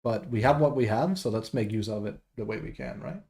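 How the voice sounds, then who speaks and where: While streaming a game, a man rants bluntly and swears a lot in a casual, exasperated way. His medium-pitched voice is animated, fairly quick, gravelly and a little mellow.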